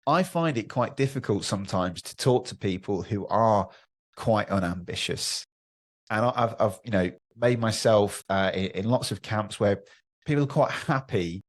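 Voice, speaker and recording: A man hosts a podcast with a fairly low voice. He speaks earnestly about himself, often trailing off mid-thought and then starting again. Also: normal speed. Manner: earnest, self-reflective, trails off and restarts. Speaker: podcast host. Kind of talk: casual interview chat.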